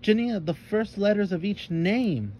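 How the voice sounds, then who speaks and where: A man voicing a curious, kind young monkey girl with a gentle, coaxing way of talking. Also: high voice, expressive, unhurried, slight background noise, voice pushed up.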